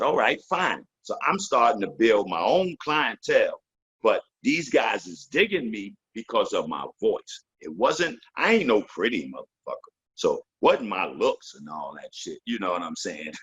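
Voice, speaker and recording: A husky, lowish-voiced man in his fifties spins stories in a relaxed interview, swearing freely as he talks. He drops into the voices of the people in his tales and rolls back out into easy, streetwise chat. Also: normal speed. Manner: profane, loose storytelling with voiced quotes. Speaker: guest, veteran MC. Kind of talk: casual interview storytelling.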